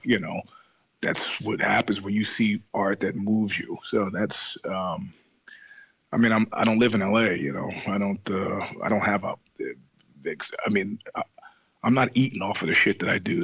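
A man's voice: fairly low pitch, vocal fry, a bit bright, husky, no echo, muffled recording. A man in casual conversation, telling stories in a rambling, profane way with many restarts. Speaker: podcast guest, singer and show host. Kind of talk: casual chat.

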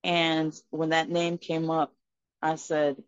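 A woman guest on a podcast, telling a personal story in an earnest, expressive way. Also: low voice, slow pace, clean tone, dry recording. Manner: earnest and expressive, acting out dialogue in her story. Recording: slightly muffled, dry recording.

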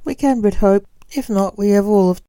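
A woman reading the part of a calm, measured young male timekeeper in a storybook reading. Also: medium pitch, no room sound, natural voice, low-quality recording.

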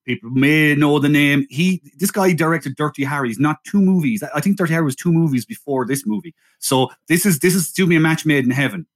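A man's voice: fairly high pitch, fairly quick, hardly any pauses. A man co-hosting a casual film review chat, chatty and steering the discussion back on track. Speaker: podcast co-host.

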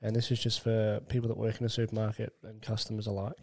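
A man's voice: on the low side, completely flat delivery, fast, vocal fry, darkish tone. A man, co-hosting a podcast and telling a crude, rambling story in casual chat. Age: late 20s. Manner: crude, rambling, laughs while telling stories. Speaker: podcast co-host.

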